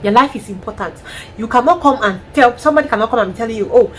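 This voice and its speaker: Cameroonian lady vlogging advice, blunt and lively, faint hiss behind. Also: a little high, fast, rough recording. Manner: frank, animated, emphatic. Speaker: lifestyle vlogger. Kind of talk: casual advice monologue.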